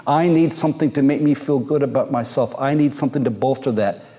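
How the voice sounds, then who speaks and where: A man, a pastor, preaching a sermon in a slow, gentle and earnest way, with drawn-out pauses. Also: mid-range voice.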